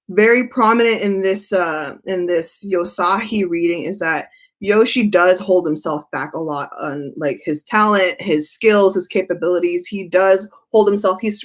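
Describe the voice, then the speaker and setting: A woman doing a live-stream tarot reading, chatty and given to laughing as she talks. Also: medium pitch. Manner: chatty, laughs often, reads chat aloud.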